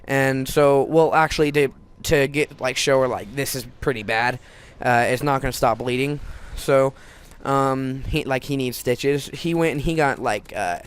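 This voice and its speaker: A man's voice: mid-range voice, a little slow, hardly any pauses, clear, resonant tone. A teenage boy telling a personal story in a casual, rambling way, full of restarts and fillers.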